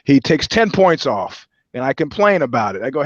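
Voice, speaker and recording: A man's voice: mid-range voice, sing-song, moderate pace, hardly any pauses, no room sound. Man, podcast co-host, rambling casual talk, slightly muffled lo-fi sound. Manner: rambling, restarts a lot, swears casually. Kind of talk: casual chat.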